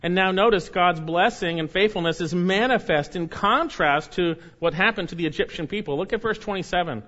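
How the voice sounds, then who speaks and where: A man preaching an expository sermon, reading scripture slowly and repeating key phrases for emphasis. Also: sits high, fairly bright tone, highs cut off. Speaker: pastor.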